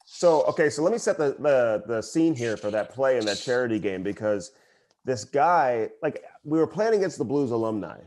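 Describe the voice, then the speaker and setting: Male podcast co-host, self-mocking storyteller with a middle-pitched voice. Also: lively intonation, normal speed, a little mellow. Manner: laughing, rambling storyteller. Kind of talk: casual chat.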